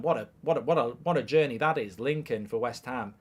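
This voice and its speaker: A man's voice: mid-range voice, a little fast. A man hosting a live football watchalong, chatting crudely and jokingly, reading out viewer messages and scores.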